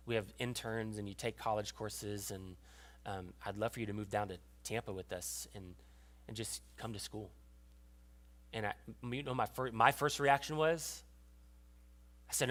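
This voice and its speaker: A young adult man giving a sermon as pastor, telling a personal story with emotion and often dropping to a hushed voice. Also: mid-range voice, fairly even intonation, normal speed. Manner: storytelling, emotional, drops to a hushed voice at tender moments.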